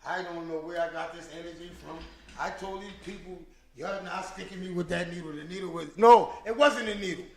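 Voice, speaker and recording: Man, podcast host, high voice, gravelly, animated profane storytelling. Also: brisk. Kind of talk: casual storytelling.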